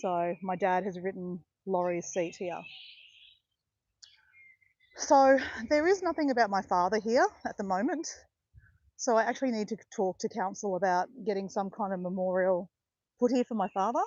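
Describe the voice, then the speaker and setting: In this casual walking vlog set in botanical gardens, a woman around fifty rambles and corrects herself. She speaks expressively at normal speed in a medium-pitched, darkish voice, recorded on dull audio with no room sound.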